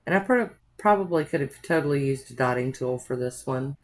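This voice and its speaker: A woman's voice: extremely low pitch, expressive, a little fast. Chatty woman doing a nail tutorial. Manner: chatty, rambling, homey asides. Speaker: nail art vlogger. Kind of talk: casual tutorial narration.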